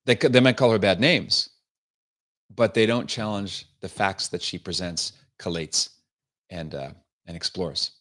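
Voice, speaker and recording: A man's voice: low-pitched, measured pace, a bit bright. A male host giving sarcastic, opinionated political commentary on a livestream and reading out viewer comments. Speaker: show host.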